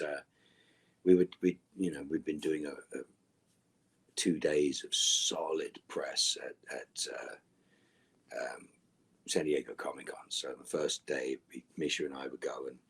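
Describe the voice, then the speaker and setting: A man answering fan questions in a casual Q&A, reading each one out and replying in a relaxed way that often trails off into a low near-whisper. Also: breathy edge.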